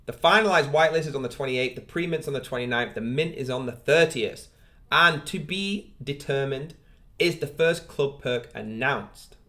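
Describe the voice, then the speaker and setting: A man's voice: medium pitch, moderate pace, pushed and bright. A man hosting a crypto channel, walking viewers through a project review on screen in an upbeat, hyping way and speaking straight to them. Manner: upbeat hype, addresses viewers directly.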